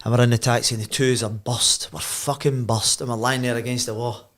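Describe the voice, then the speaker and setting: A man's voice: medium pitch, brisk. A Glaswegian man in his fifties, guesting on a podcast, tells a long boisterous anecdote. He laughs through his own punchlines and swears freely, with a chatty storyteller's flow. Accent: Scottish, Glasgow. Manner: animated, laughs and swears freely while telling. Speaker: podcast guest, former footballer.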